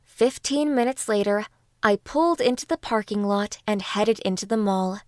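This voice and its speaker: A woman narrating a first-person audiobook in a calm, even storytelling manner. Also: medium pitch, normal speed, dry recording, clean studio sound.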